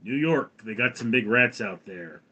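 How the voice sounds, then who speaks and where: An American man hosts a casual livestream. He reads viewer comments out loud and chats back, rambling and often restarting his sentences. His voice sits at an average pitch for a man. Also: animated, moderate pace, husky, highs cut off. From United States. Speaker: livestream host.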